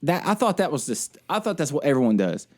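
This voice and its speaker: Male podcast co-host, worked-up storyteller with a higher-than-usual voice. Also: fast talker. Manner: animated ranting storyteller. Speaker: military service member. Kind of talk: casual podcast chat.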